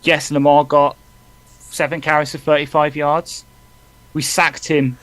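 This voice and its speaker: A man co-hosting a live fan stream, reading out stats in a halting way with fillers. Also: on the high side, little pitch movement, a bit bright, no room sound. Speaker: fan podcast co-host. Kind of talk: casual live watch-along chat.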